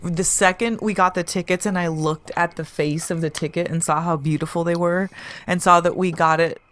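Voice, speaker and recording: Young woman, animated storyteller, slightly low voice, casual podcast chat, salty language. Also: normal speed. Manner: animated, swearing, laughing while telling a story. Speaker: podcast co-host.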